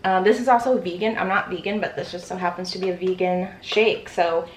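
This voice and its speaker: A woman's voice: fairly low pitch, steady tone, fairly quick, slight background noise. A young woman in her twenties chatting casually in a vlog, rambling with lots of fillers, out of breath after a workout. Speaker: vlogger. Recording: echoey room.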